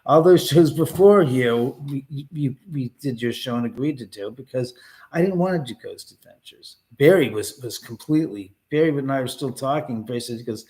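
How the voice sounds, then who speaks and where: A man hosting a casual livestream from his house, telling a story in a rambling, profane, animated way. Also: mid-range voice, moderate pace. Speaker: livestream host. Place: his own house, indoors.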